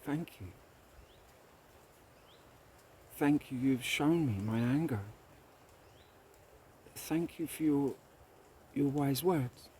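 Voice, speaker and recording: A man's voice: mid-range voice, slow, a little mellow, a little hiss or hum, pitched above the performer's own voice, lightly acted. A man voicing a proud, hot-tempered king in a spoken parable, with imperious, emotional delivery. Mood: grateful.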